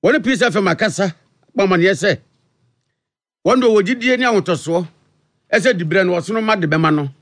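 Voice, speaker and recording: A Ghanaian man reading the news as a radio anchor in a brisk, measured delivery. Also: sits high, expressive, no room sound.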